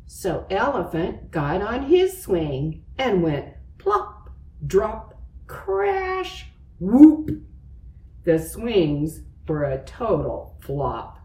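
A woman reading a children's picture book aloud slowly and expressively, acting out its sound effects. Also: low voice, big pitch swings, darkish tone, recorded from a distance. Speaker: storyteller. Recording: roomy, away from the mic.

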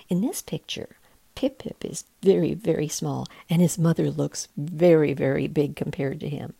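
A middle-aged woman reading picture books aloud, gently describing the pictures in a soothing, often hushed voice. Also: sits low, moderate pace, creaky, breathy edge, no echo. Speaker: reader of children's books.

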